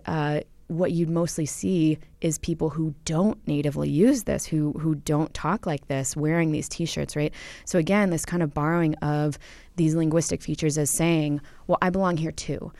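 Low-voiced, smooth-sounding woman researcher. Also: mellow, no room sound. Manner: thoughtful, many ums and uhs, explaining with examples. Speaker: linguistics researcher. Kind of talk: explanatory interview answers.

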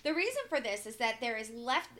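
A woman with a high, animated voice reads an article aloud in a casual podcast chat. Her tone is bright, and she stops now and then for deadpan remarks. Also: a little fast. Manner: reads aloud with dry asides and giggles. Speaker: co-host reading articles.

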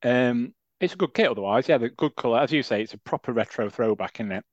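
A man's voice: mid-range voice, animated, quick pace, no room sound. A man co-hosting a casual football podcast, teasing and dry in his remarks. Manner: wry, teasing, dry understatement. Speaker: podcast co-host. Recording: dull lo-fi dry mic.

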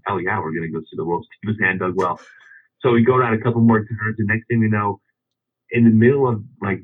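A low-voiced, husky man tells a long, rambling story full of restarts and little chuckles. He comes through thin and boxy, like a caller on a radio phone line. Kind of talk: casual anecdote.

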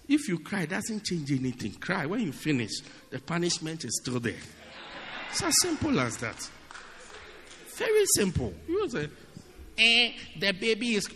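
A man preaching a sermon in an animated, humorous way, often asking his listeners if they get it. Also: fairly high pitch, slight background noise. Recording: long reverb of a large hall.

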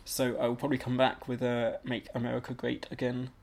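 A man's voice: medium pitch, completely flat delivery, a little fast, creaky, a little mellow. A young man co-hosting a podcast, chatty and rambling in casual banter. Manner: chatty, rambling, self-mocking. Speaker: podcast co-host.

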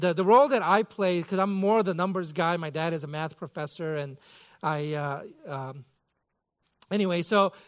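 A man in his thirties preaches to his congregation in a fairly high voice. He tells stories about himself with dry, self-mocking humor and bursts of playful mock outrage. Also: a bit bright. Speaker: pastor. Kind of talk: sermon.

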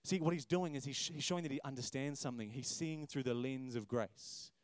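A man in his thirties preaching a sermon, animated and acting out voices. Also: medium pitch, a little fast, no room sound. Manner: animated, acts out quoted voices, repeats words when emphatic. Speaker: pastor.

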